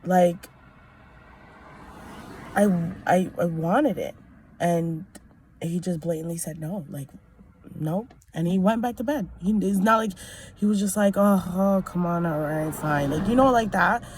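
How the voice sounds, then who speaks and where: A woman's voice: on the low side, measured pace, long pauses, darkish tone, a little hiss or hum. Chatty young woman rambling a story. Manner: chatty, rambling, many fillers and restarts. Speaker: vlogger. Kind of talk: casual storytime vlog.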